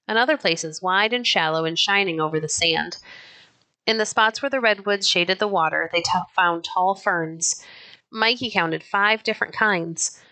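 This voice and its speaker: A woman narrating a children's novel chapter aloud in an even, unhurried storytelling manner. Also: mid-range voice. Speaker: audiobook narrator.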